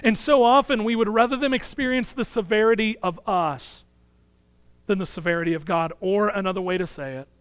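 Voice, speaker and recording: A man in his thirties, a pastor preaching a sermon in an earnest way, dropping soft and low on key phrases. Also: brisk, clean tone, no echo.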